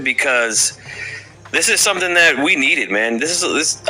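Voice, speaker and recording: Excited guy on a panel, bright voice, pumped up. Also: mid-range voice, rough recording. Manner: excited, upbeat. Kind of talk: casual panel chat.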